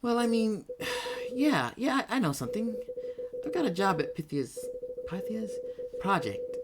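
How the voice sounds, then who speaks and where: A man's voice: high-pitched, big pitch swings, measured pace, heavy background noise, voice pushed up. Man doing a stammering, sheepish roommate. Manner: hesitant, stammering. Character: nervous young adult roommate who keeps a secret.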